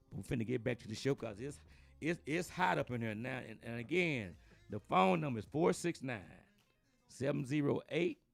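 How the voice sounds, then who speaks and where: A man's voice: lowish voice, gravelly. A man hosting a casual call-in radio show, hyping his guests and repeating the phone number.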